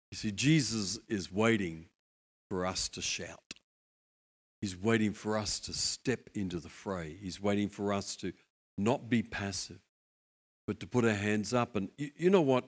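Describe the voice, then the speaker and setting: Aussie pastor guy preaching, animated, does little voices for the story. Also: low voice. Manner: lively storytelling, acting out voices. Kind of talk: sermon.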